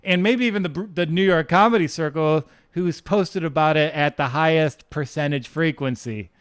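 A man with a high, smooth and resonant voice rants on a comedy podcast. He talks in an emphatic, exasperated way and swears freely. The sound is close and dry. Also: normal speed, no room sound. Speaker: podcast co-host. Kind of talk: comedic ranting podcast chat.

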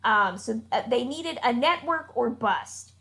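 A woman co-hosting a podcast, her voice sitting a little high. She talks in blunt, emphatic bursts and isn't shy about cursing. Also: lively intonation, a little slow, vocal fry, a bit bright. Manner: emphatic, blunt, swears freely. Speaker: podcast co-host. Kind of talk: casual opinionated chat.

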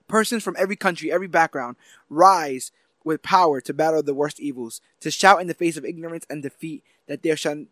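A man's voice: a little high, a bit bright, no room sound, clean studio sound, close to an everyday voice. Superman, a man reading as the solemn superhero. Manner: solemn, declaiming. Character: Superman, a male superhero giving a solemn speech. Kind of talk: dramatic reading aloud.

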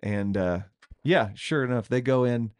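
A man's voice: mid-range voice, unhurried, clean tone, no room sound, studio quality. A man co-hosting a podcast, telling a ghost story in a loose, rambling way and laughing often. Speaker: podcast co-host.

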